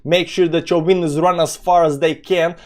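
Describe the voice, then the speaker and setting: Slightly high-voiced rambling male streamer. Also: fairly even intonation, moderate pace, darkish tone. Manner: loose and rambling, many fillers, greets chat viewers; non-native English phrasing. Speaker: crypto trading live-streamer. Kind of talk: casual live stream, chatting and chart analysis.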